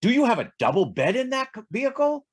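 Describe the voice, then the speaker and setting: A man doing a bragging Texan driver, pitched up high. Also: sing-song, fast talker, husky, heavily acted. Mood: boastful. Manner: bragging, teasing questions. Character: boastful male Texan driver in a small car.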